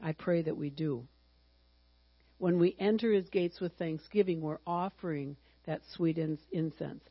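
A woman's voice: deep voice, a little slow, husky, dry recording, lo-fi sound. Chatty woman in her sixties teaching a Bible lesson. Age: 60s. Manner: chatty and humorous, bursting into excited exclamations.

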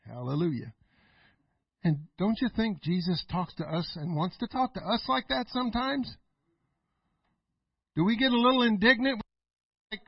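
A middle-aged male pastor preaching a folksy sermon, laughing often and swinging between loud and quiet. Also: sits high, measured pace, gravelly, long pauses, slightly rough, dry recording, muffled recording.

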